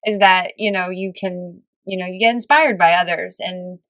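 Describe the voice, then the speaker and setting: A woman's voice: fairly low pitch, fairly even intonation, normal speed, fairly bright tone, dry recording. A woman hosting a podcast, chatting casually and encouraging her guest with short replies. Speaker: podcast host. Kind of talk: casual interview chat.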